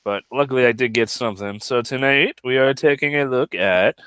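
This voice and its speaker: A man's voice: medium pitch, brisk, a bit bright, clean tone, no room sound. Congested man hosting a chatty podcast. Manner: loose and chatty, fillers and restarts. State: congested and phlegmy. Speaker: podcast host. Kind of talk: casual chat.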